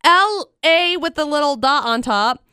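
A young woman co-hosting a radio show in casual banter, upbeat and playful as she runs a quiz and spells words out slowly. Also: sits high, expressive, pushed and bright, no echo, clean studio sound. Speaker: radio co-host.

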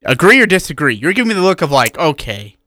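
A man co-hosting a sports talk radio show, giving animated opinions in casual chat. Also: on the high side, fast, no echo, clean studio sound.

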